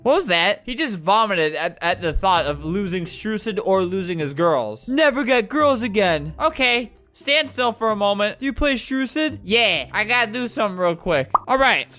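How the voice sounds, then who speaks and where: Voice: medium pitch, expressive, moderate pace, few pauses, sharp tone, soft background music. A video creator giving casual, sarcastic commentary over gameplay. They sound exasperated and laugh often.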